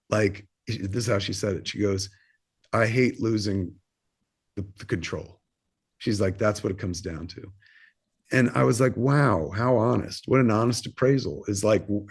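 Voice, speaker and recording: This podcast guest, a fifties-aged filmmaker, tells a frank, wandering personal story peppered with swearing and fillers, in the style of casual interview storytelling. His voice is lowish and a little mellow.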